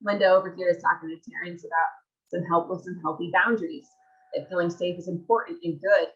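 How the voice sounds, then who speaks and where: Low-voiced woman coaching on a webinar. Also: steady tone, fairly quick, highs cut off. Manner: reads audience comments, asks rhetorical questions. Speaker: marriage coach. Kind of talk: live webinar presentation.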